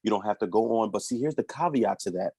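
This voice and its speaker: A man in his thirties, a podcast guest, talking through parenting stories in a lively, conversational way and now and then acting out his children's voices. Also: on the low side, fast talker, husky, no room sound. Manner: animated storytelling, acts out his kids' voices.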